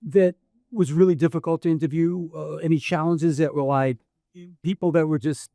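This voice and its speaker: A man moderates a panel Q&A at a book event, his voice sitting a little high. He talks bluntly and loosely, and he swears often. The sound is dry and close. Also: fairly even intonation, moderate pace, creaky, dark tone, no echo. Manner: blunt, casual, swears freely. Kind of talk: live panel Q&A. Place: book event in a record store.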